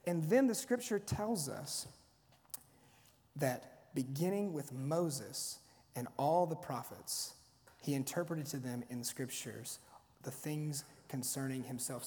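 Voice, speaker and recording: A man's voice: fairly high pitch, darkish tone. A man preaching a sermon in a conversational, storytelling way, often restarting his phrases. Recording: long hall reverb.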